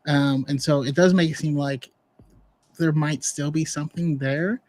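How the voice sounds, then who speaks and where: Relaxed, slightly high-voiced man hosting a casual chat. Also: normal speed. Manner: relaxed, chatty, easygoing. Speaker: podcast host. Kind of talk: casual online discussion.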